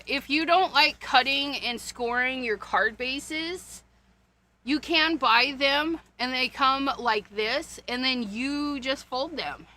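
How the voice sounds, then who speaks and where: In a sharp, high-pitched voice, a woman chats to viewers during a casual card-making livestream. She digs through paper and supplies as she talks, gasping and laughing lightly every so often.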